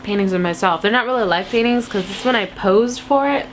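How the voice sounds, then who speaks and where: A woman's voice: mid-range voice, fairly quick, slight background noise. A woman in her twenties with a cold, chatting casually to camera as she answers viewer questions in a silly, playful way. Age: 20s. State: has a cold.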